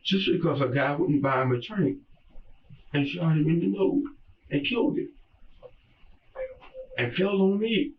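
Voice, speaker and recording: An older man speaks in a police interrogation, dragging his words out slowly and circling back to the same pleading phrases. His voice sits a bit high for a man and comes from well away from the microphone. The audio is dull and muffled, like a room camera recording. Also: distant mic. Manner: slow, repetitive, pleading, emotional. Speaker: murder suspect in interrogation.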